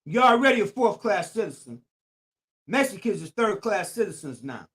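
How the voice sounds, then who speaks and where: A man's voice: high voice, sing-song, normal speed, fairly bright tone. Older man preaching in AAVE. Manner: preachy, repetitive, emphatic. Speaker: YouTube channel host. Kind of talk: streetwise commentary monologue.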